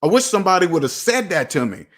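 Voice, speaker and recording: A man's voice: high voice, very animated, quick pace, fairly bright tone. Preachy man lecturing himself on money. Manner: preachy, repeats himself, talks to himself by name. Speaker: personal finance video host. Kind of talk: motivational monologue to camera.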